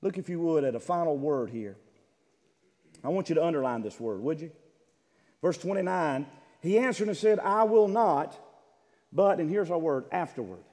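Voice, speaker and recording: A man's voice: on the high side, animated, normal speed, long pauses. Impassioned preacher man in an echoing hall. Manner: impassioned preaching, voices God's words, swings from shouting to hushed. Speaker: pastor. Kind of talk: sermon. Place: church sanctuary. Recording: long echo of a large hall.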